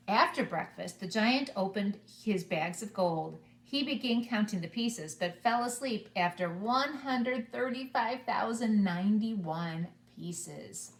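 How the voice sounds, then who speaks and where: A woman preschool teacher reading a storybook to children, animated and inviting them to join in. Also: mid-range voice, takes it slowly, few pauses, roomy sound. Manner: animated, asks the children along.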